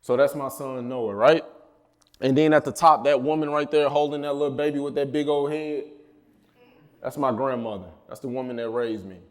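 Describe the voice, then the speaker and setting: A man's voice: medium pitch, steady tone, moderate pace. A man in his thirties speaks at a college summit in a mid-range voice. He talks loosely and personally, tells family stories and keeps checking in with the crowd. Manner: casual, personal storytelling with call-and-response asides. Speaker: speaker at a mental health summit. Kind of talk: motivational talk to students. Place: college event hall.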